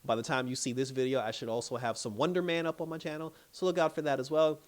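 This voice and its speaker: A man's voice: medium pitch, level tone, quick pace. A man hosting his own channel, chatting casually through an episode recap, laughing often and acting out the characters' lines. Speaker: TV episode reviewer.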